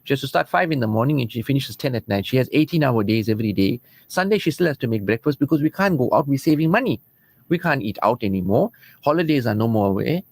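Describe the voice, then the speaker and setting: A man's voice: mid-range voice, lively intonation, quick pace. An earnest man counsels listeners on marriage over the radio. He talks in an easy, conversational way from a studio and slips readily into the voices of quarreling spouses. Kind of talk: radio advice talk.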